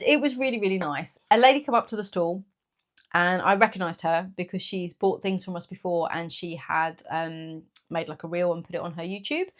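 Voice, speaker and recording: A woman, chatting casually in a small business vlog, animated and laughing often. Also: fairly low pitch, brisk. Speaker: small business owner and vlogger. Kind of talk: casual chat to camera.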